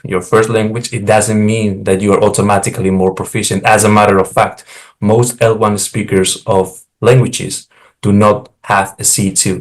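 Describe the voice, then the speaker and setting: A man co-hosting a talk show, explaining and arguing his points in a measured, lecturing way. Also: lowish voice. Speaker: podcast host and co-author. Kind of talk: explanatory monologue.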